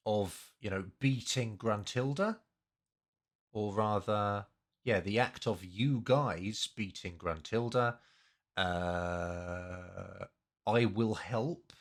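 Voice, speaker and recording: A man's voice: fairly low pitch, fairly bright tone. A man casually breaking down language and grammar, thinking aloud with many fillers and self-corrections. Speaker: language learning streamer.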